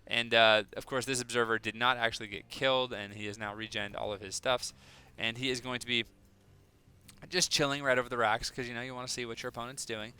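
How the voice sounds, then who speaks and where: Bright, crisp-voiced man casting a game. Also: mid-range voice, little pitch movement, fairly quick. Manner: chatty, joking, self-deprecating asides. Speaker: game caster. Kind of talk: casual esports commentary.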